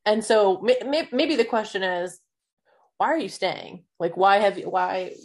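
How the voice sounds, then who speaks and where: A woman's voice: medium pitch, unhurried. A woman co-hosting a casual chat, asking questions hesitantly and restarting them. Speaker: podcast co-host.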